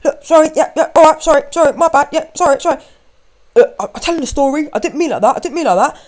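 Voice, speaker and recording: A woman imitating a crude male stranger who tells a break-in story in a hushed, sneering voice and then apologizes nervously. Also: high voice, very animated, voice pushed up. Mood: nervous apologetic. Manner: whispered, sneering retelling, then jittery rapid apologies.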